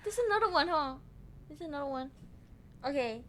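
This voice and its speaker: A woman's voice: high voice, expressive, brisk, a bit bright, a little hiss or hum. A young woman streaming a horror game, jumpy and swearing, shrieking and giggling when scared. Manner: swears freely. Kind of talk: live gameplay commentary.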